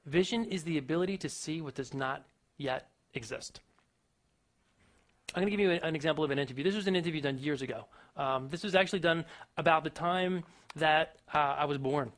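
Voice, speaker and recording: A man giving a motivational talk to an audience, emphatic and full of rhetorical questions, swinging his pitch and loudness. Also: a little fast. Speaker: motivational speaker.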